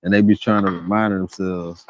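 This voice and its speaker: A man's voice: low-pitched, little pitch movement, normal speed, darkish tone, dry recording, muffled recording. A man hosting a stream who gives rambling, profane reaction commentary and sometimes gropes for words. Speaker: stream host.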